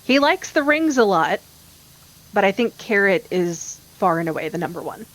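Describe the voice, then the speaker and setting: A woman chatting casually during a group game stream, relaxed and a little hedging. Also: medium pitch, moderate pace, poor audio. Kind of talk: casual chat.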